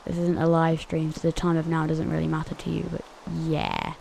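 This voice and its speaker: A woman's voice: deep voice, animated, brisk, vocal fry, a little mellow, a little hiss or hum. A woman hosting a gaming channel, giving casual, chatty gameplay commentary to her viewers and often giggling.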